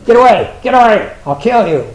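A man squawking as shrill aggressive birds. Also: big pitch swings, a little slow. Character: loud territorial birds, boastful and aggressive. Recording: echoey room with faint hiss.

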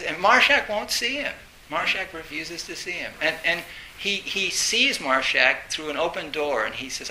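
A man with a slightly high, gravelly voice gives an informal dharma talk, halting at first and then growing animated as he tells a story. His tone is sharp and forceful. The room is echoey, with a faint hiss. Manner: halting, storytelling, recounts a film with rising animation. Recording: roomy echo with faint hiss.

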